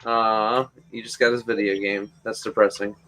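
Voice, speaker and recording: A man's voice: lowish voice, level tone, normal speed, fairly bright tone, low-quality recording. Teasing man in a stream chat. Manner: teasing, jokey. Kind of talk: casual chat on a live stream.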